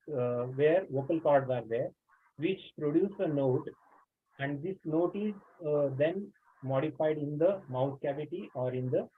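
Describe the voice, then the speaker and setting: A man's voice: a little high, slight background noise. Man lecturing over a tinny call line. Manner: explanatory, frequent "uh" fillers. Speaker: teacher trainer. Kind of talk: webinar lecture. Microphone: video call. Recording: tinny phone-like online call audio.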